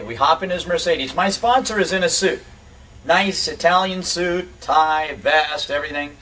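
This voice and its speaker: A man spins a casual, lively tale in quick bursts, chuckling as he goes. His voice is bright and slightly high. He sits a little back from the microphone. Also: far from the mic, slight background noise, rough recording. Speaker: storyteller on a recovery radio show. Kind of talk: casual spoken anecdote.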